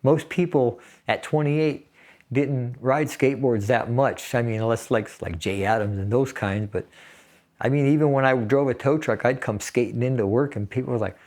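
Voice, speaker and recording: Older veteran, sixties, casual storyteller, mid-pitched, chuckles through dark memories. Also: male voice, moderate pace. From San Fernando Valley, California. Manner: casual, laughs while telling grim details. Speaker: interviewee, Navy veteran. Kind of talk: personal storytelling.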